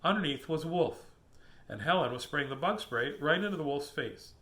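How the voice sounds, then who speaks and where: A man reading a children's picture book aloud, animated and chuckling at the pictures. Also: a little high, normal speed. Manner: animated, chuckling asides to the listener.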